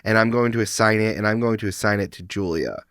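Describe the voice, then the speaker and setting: A man's voice: fairly low pitch, fast, a bit bright, smooth, no echo, clean studio sound. Upbeat man running a tabletop game. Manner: upbeat, joking, guides turns. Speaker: podcast host running the game. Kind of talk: casual tabletop game chat.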